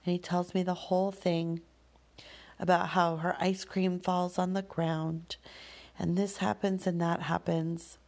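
Slow, low-voiced reflective woman. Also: little pitch movement, gravelly. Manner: candid, slow and thoughtful, with soft fillers and sighs. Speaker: parent sharing personal story. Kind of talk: reflective personal monologue.

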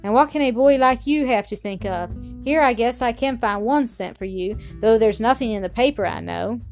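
A woman voicing a thin little old man who speaks gently and wryly. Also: fairly high pitch, normal speed, faint music behind, natural voice. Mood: gentle.

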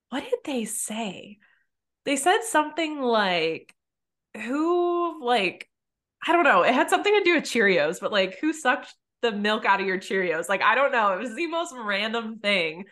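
A woman hosting a podcast, telling stories in a casual, animated way with lots of "like". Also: a little high, moderate pace. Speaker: podcast host. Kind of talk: casual interview chat.

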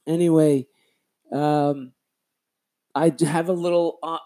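A man's voice: fairly high pitch, fairly even intonation, slow, dark tone. A man hosting his own solo podcast in a casual, rambling, chatty way, often correcting himself mid-sentence. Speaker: podcast host.

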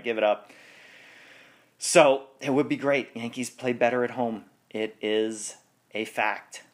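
A man hosting a sports podcast in casual chat, rambling and correcting himself, with frequent laughs. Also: mid-range voice. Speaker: podcast host.

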